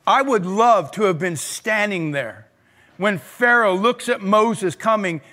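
A male pastor preaching an energetic sermon to a congregation, calling on them to respond. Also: sits high, takes it slowly. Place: church service.

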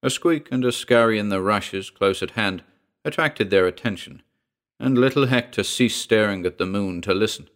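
Man, low voice, audiobook narration, measured, even reading.

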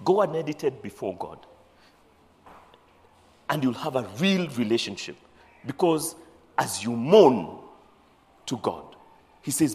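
Male preacher, high-pitched and expressive, sermon in a big echoing hall. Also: a little slow, pauses often. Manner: animated, acts out scripture voices, mixes in Swahili phrases. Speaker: bishop preaching. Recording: long hall reverb.

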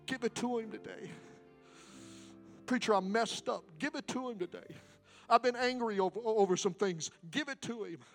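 A man preaching a Pentecostal sermon and altar call in a church. He repeats lines with rising fervor and moves between quiet stretches and loud exhortation. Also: extremely high pitch. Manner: fervent, repetitive exhortation, swings from quiet to loud. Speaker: guest preacher. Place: church sanctuary.

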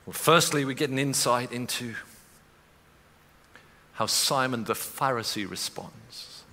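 A man preaching a sermon as pastor, moving from quiet storytelling to impassioned preaching in a church auditorium. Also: medium pitch, unhurried. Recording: long reverb of a large hall.

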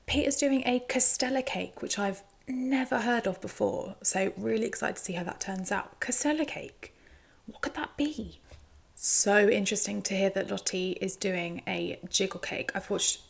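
A woman's voice: mid-range voice, normal speed, creaky, few pauses. A woman giving a chatty, teasing recap commentary. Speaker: show recap host.

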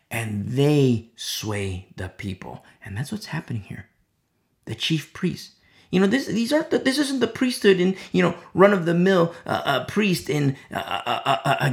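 A man's voice: mid-range voice, gravelly. A man giving a conversational verse-by-verse sermon as a Bible teacher. He is emphatic, repeats key phrases and drops many "you know" asides.

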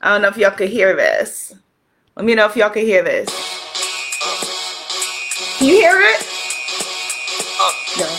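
A middle-aged woman hosting a spiritual live stream, energetic and upbeat, then soft and prayerful, talking into a phone or webcam. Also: mid-range voice, unhurried, long pauses, music in the background. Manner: energetic and upbeat, turning soft and hushed for meditation.

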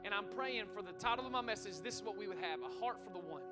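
A man preaching a lively interactive sermon, calling out to the congregation and talking quickly and chattily. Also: sits high, loud music behind the voice. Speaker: pastor. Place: church sanctuary.

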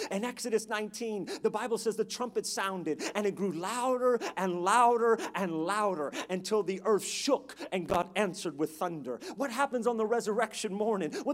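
Man, high pitch, preaching, rhythmic repetition, loud emphatic climaxes. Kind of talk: sermon.

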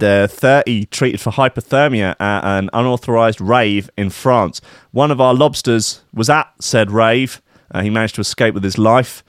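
A man's voice: lowish voice, smooth, no room sound, clean studio sound. A man hosting a radio show, rambling through crude, irreverent banter and often laughing at his own jokes. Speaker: radio host. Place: radio studio.

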